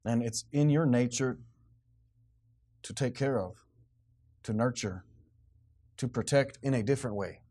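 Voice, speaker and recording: A man's voice: medium pitch, a little slow, long pauses. A man, preaching a blunt, emphatic sermon as pastor. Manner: blunt, emphatic preaching, grows loud and animated.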